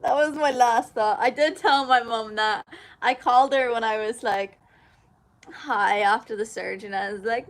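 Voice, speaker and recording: A woman's voice: a little high, moderate pace. A young woman chatting casually on a livestream, telling stories in a chatty, giggly way. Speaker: singer and livestream host.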